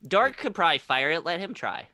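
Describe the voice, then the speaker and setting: A man's voice: a little high, sing-song, fairly quick, sharp tone, dry recording, clean studio sound. A man playing a tabletop game, laid-back and playful. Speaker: player.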